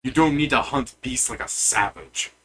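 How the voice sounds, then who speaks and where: A man's voice: medium pitch, normal speed, a bit bright, slight background noise, natural voice, poor audio. A man voicing a huge, forgetful male cloud giant who talks in a haughty, lofty way.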